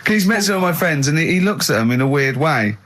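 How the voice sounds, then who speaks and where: A man hosting a casual chat, telling a story in an animated way with frequent laughter. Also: on the high side, fast talker. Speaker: host.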